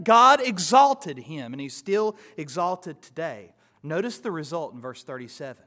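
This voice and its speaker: A man delivers a sermon, unpacking scripture and climbing to loud, forceful contrasts before easing back down. His voice sits on the high side.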